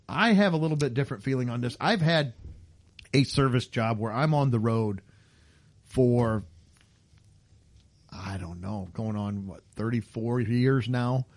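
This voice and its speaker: A man in his fifties with a mid-range, slightly mellow voice hosts a casual comedy podcast. He tells stories animatedly and acts out the people in them.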